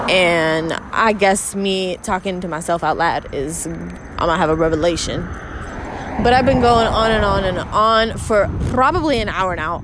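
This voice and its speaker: A woman podcast host with a fairly low voice rants on her own while walking her dog outdoors, recording on her phone. She rambles frankly and swears a lot, with background noise audible.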